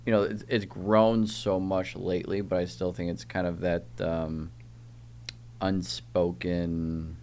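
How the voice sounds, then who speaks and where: Deep-voiced, agreeable male podcast host. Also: flat delivery, slow, a little mellow, a little hiss or hum. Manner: agreeable, affirming listener who asks rambling questions. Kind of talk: casual interview conversation.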